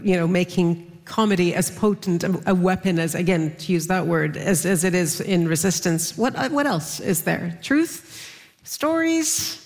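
Woman moderator, measured and thoughtful, in a hall with long reverb. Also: fairly low pitch, animated, a little mellow. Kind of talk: panel moderation.

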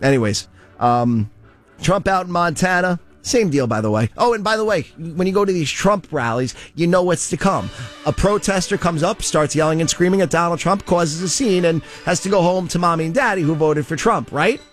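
A man's voice: on the high side, lively intonation, moderate pace, faint music behind. Sarcastic man hosting casual commentary. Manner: sarcastic, loose and chatty. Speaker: host of a political commentary show.

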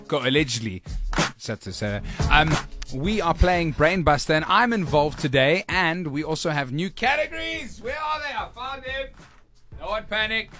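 A man hosting a radio show in a bright, ringing voice that swings widely in pitch. He chats loosely and pokes fun at himself. Faint music plays under him. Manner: playful, self-mocking, stumbling restarts. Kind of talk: casual radio chat.

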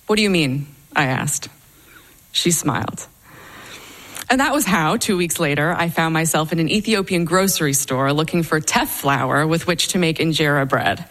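A woman's voice: on the low side, fairly bright tone. A young adult woman telling a personal story on stage, with a wry, dryly humorous delivery.

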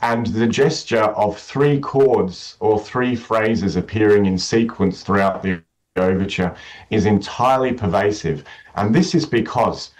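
A man in a radio interview, explaining his concert program with enthusiasm and many restarts, his voice rough from the morning. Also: lowish voice, unhurried, rough recording. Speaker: conductor.

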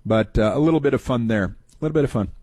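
A man's voice: medium pitch, rapid-fire, warm tone, dry recording. A man hosting a talk show, giving sarcastic, rambling political commentary with many fillers. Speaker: talk radio host.

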